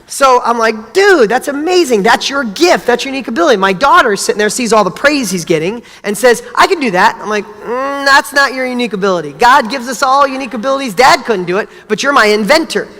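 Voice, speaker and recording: Animated storytelling man, bright voice. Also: very high-pitched, fast talker, hardly any pauses, long reverb tail. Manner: animated storytelling, acts out dialogue. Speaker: speaker. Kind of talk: motivational talk.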